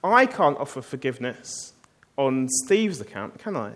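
A man's voice: mid-range voice, big pitch swings, moderate pace, a bit bright. A man preaching a sermon, telling the story in a conversational way and asking the listeners rhetorical questions.

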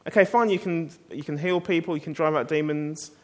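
A man's voice: a little high, a little fast. A man preaching a sermon, telling the story in a conversational way and asking the listeners rhetorical questions.

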